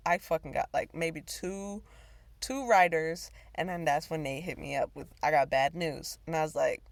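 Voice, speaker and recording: A woman's voice: lowish voice, dry recording. A woman hosting her own talk show, telling a personal story in a rambling, profane way with bursts of laughter. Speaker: podcast host. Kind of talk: casual storytelling.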